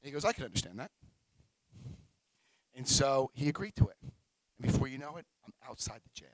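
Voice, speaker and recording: A middle-aged man sharing his recovery story at a meeting, telling it in an emotional, animated way. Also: mid-range voice, fast talker, no room sound, low-quality recording.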